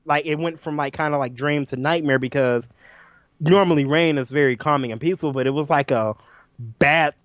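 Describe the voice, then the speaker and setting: A man co-hosting a podcast, telling a nightmare story in an animated, profane way and acting out his own lines. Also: a little high, fairly quick, dry recording. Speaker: podcast co-host. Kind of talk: casual storytelling chat. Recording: dull lo-fi audio, dry.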